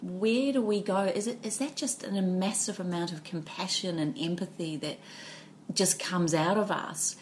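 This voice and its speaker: A woman's voice: lowish voice, normal speed, slight background noise. Thoughtful New woman podcaster. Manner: thoughtful, animated storyteller. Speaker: podcast co-host. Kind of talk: casual reflective chat.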